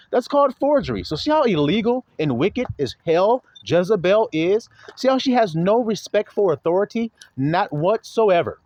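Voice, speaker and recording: Male bible teacher, sermon-style commentary, mocking and laughing, lively swooping pitch, fairly high voice. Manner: animated, mocking, laughing often.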